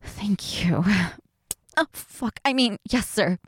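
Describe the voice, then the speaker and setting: A woman voicing a submissive, flustered young housewife in an adult audio role-play, breathy and pleading. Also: sits high, lively intonation, slow pace, no room sound, full character voice.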